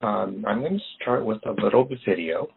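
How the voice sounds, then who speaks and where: A man explains math in a relaxed, conversational way, often pausing on ums. His voice sits a little low but swings lively up and down. It comes through a tinny, phone-like video call line with faint noise behind. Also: vocal fry. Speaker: engineer giving a STEM talk. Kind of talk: casual online presentation.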